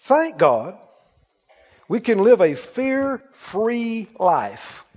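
Man, preacher, sermon, slow emphatic delivery, long hall reverb. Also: high-pitched, sing-song, darkish tone. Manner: emphatic, call-and-response leading. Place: church sanctuary. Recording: dull recording in a reverberant hall.

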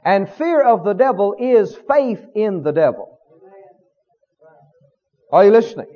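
Man, preacher, sermon, emphatic, very high voice, muffled lo-fi sound. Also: big pitch swings, unhurried. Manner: emphatic, asks the congregation questions.

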